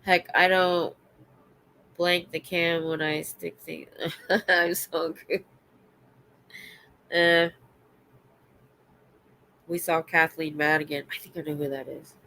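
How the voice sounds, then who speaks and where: Woman, stuffy nose, bright voice, loud chatty livestream host. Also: low voice, level tone, takes it slowly, long pauses. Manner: chatty and loud, laughs often. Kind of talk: late-night casual livestream chat, reading comments. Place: home.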